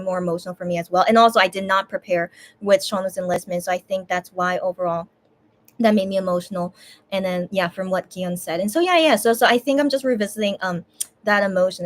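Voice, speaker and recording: A young woman talking casually to her viewers while tearful and crying, halting with many restarts and pauses. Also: lowish voice. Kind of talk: emotional casual livestream talk.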